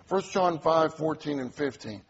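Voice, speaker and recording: A man's voice: fairly high pitch, expressive, measured pace, slightly rough, muffled recording. A man preaching a sermon, earnest, repeating key phrases and drawing responses from the congregation.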